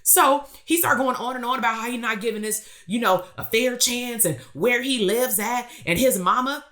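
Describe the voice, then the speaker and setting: This business coach, a woman, speaks at a moderate pace with a somewhat high, bright and forceful voice during a motivational live stream. Barely pausing, she spins a blunt story from the streets and punctuates it with rhetorical questions.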